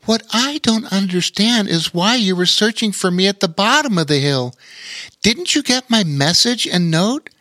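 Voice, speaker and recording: A gentle, hospitable wood elf woman put on by a man speaks in a very high, bright voice that rises and falls warmly. It is a storybook character voice, recorded close and dry. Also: animated, normal speed, dry recording. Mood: friendly. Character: kind welcoming female wood elf.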